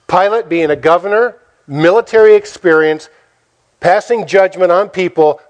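A man preaching a sermon in a dramatic way, asking the listeners rhetorical questions and acting out the quotes he tells. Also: on the high side. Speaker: pastor.

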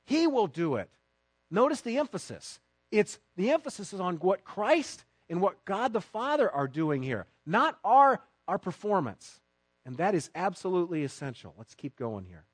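A man preaching a sermon to his congregation with emphatic stresses and quiet asides. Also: high-pitched, sing-song, moderate pace, husky, no echo. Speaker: pastor.

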